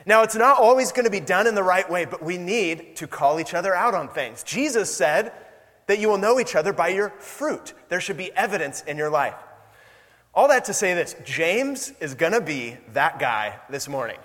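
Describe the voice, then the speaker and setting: A man's voice: sits high, lively intonation, moderate pace, fairly bright tone, long reverb tail. A young adult man preaching a sermon in a conversational way, acting out quoted exchanges. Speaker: pastor.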